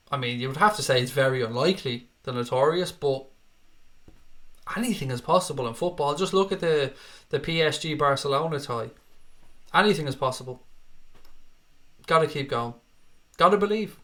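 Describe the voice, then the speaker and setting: A man's voice: medium pitch, fairly bright tone. A man hosting a casual live-stream reaction, reading out viewer comments in an earnest, rallying way and swearing now and then. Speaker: fan channel host.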